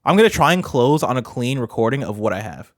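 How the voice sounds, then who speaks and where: A man's voice: mid-range voice, very animated, fast, dry recording, clean studio sound. A man streaming casually, thinking aloud and often trailing off mid-sentence as he talks through his lyrics. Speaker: streamer writing rap lyrics. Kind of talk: casual livestream chat.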